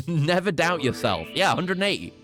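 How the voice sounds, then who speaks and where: Jokey male streamer with lively pitch. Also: normal speed, faint music behind. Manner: jokey, playful trash talk. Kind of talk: casual gameplay commentary.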